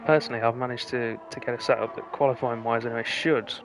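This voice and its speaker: A man's voice: mid-range voice, background noise. Male sim-racing play-by-play commentator. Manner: brisk play-by-play, rising excitement at close finishes. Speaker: lead commentator.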